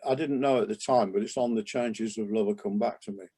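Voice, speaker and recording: An older man, a jazz trumpeter, reminiscing in a relaxed interview, rambling with many restarts and asides. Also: lowish voice, fairly quick, breathy edge. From England.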